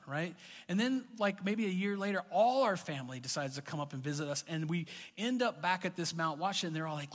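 A middle-aged man preaching a sermon as pastor, telling stories in a conversational way that rises into animated bursts. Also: high-pitched, quick pace. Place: church hall. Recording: reverberant church hall.

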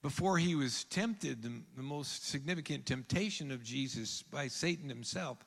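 A man preaching a sermon as pastor, earnest, rising to emphatic peaks and dropping to hushed lines. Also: medium pitch, moderate pace, creaky, long reverb tail. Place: church sanctuary.

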